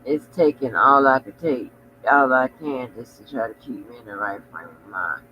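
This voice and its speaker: A man's voice: medium pitch, expressive, normal speed, lo-fi sound, slight background noise. A very sleepy man hosting a casual livestream, rambling and drowsy, trailing off into mumbles as he yawns. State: very sleepy, yawning. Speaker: livestream host.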